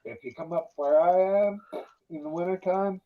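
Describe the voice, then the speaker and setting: A man's voice: high-pitched, fairly even intonation, moderate pace. A man teasing friends about the cold in casual chat. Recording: dull lo-fi audio.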